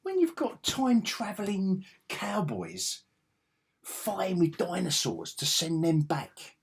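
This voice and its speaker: Man, 50s, husky voice, slow unhurried pace, rambling enthusiastic vlog monologue. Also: high-pitched, wildly swooping pitch. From England. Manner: enthusiastic and rambling, with frequent restarts. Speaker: comics vlogger. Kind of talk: casual nostalgic monologue.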